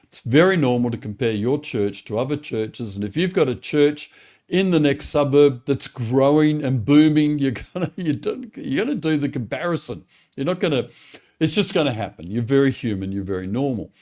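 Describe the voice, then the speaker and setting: A man's voice: medium pitch, expressive, normal speed, dark tone. A man coaching pastors in a webinar, talking in an encouraging, conversational way. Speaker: church growth coach. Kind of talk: teaching webinar talk.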